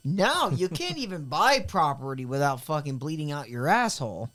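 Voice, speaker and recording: A man's voice: fairly high pitch, very animated, normal speed, a bit bright. A man co-hosting a casual movie review podcast, swearing often and ranting in a crude way. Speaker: podcast co-host.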